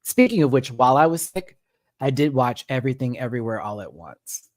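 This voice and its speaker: Animated man ranting on a live stream. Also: medium pitch, brisk, no room sound, studio quality. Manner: animated and expressive, swears, acts out quotes. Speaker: live-stream show host. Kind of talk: casual live-stream recap rant.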